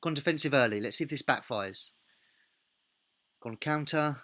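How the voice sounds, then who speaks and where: A man's voice: mid-range voice, normal speed, sharp tone. A man hosting a let's play, thinking aloud in a casual, self-correcting way while he narrates a football management game.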